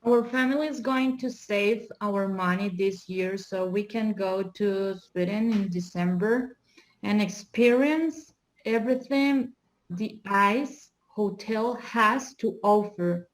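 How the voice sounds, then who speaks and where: A woman's voice: mid-range voice, slow pace, low-quality recording. A woman student reading a short passage aloud carefully in an English class.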